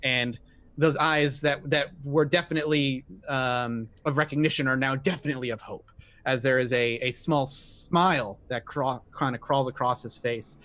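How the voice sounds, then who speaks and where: A man's voice: mid-range voice, steady tone, normal speed, fairly bright tone. A man narrating a tabletop horror game as game master, describing scenes in detail with frequent fillers.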